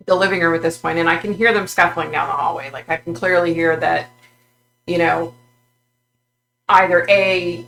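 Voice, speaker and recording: A woman vlogger tells of a psychic vision in a halting, filler-heavy way. Her voice sits a little low, with a gravelly, fry-laden edge and a sharp, tense brightness. A faint hum runs underneath. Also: rough recording. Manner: halting, full of fillers and restarts.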